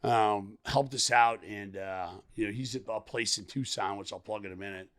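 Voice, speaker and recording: A middle-aged man, a podcast guest, telling a candid story in a rambling, animated way, acting out the lines of the people in it. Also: lowish voice, normal speed. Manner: animated, rambling, acts out quoted dialogue, laughs often.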